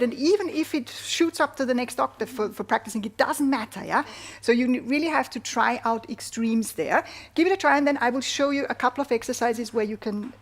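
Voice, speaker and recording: A woman teaching a flute masterclass, encouraging her student and singing rhythms aloud, often checking in with "yeah?". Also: a little high. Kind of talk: masterclass coaching.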